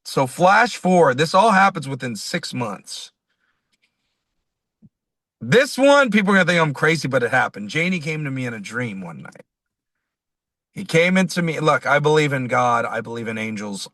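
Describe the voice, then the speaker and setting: Recorded with no room sound, a male musician being interviewed talks at a moderate pace with a medium-pitched voice. He spins an animated, rambling tale and performs each line of dialogue himself.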